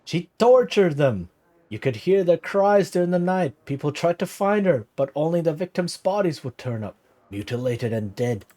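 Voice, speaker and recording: A man's voice: medium pitch, normal speed, darkish tone, natural voice. A man voicing a boastful old male villager telling a witch tale, with theatrical, shifting put-on accents.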